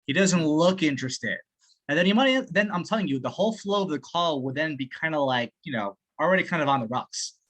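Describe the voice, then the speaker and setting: An excitable man gives feedback over a video call, swearing freely and breaking into laughs. His voice is bright and forceful, and he gets carried away as he talks. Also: fairly high pitch, fast, hardly any pauses. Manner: excitable, swears often, laughs while talking. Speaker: sales training partner giving feedback. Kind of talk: casual call chat.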